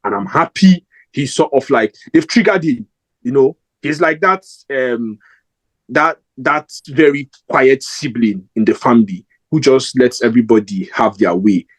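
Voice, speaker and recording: A man's voice: medium pitch, unhurried, slightly rough, poor audio. A young man giving his opinion in a casual football fan vlog, rambling and emphatic with lots of fillers and restarts.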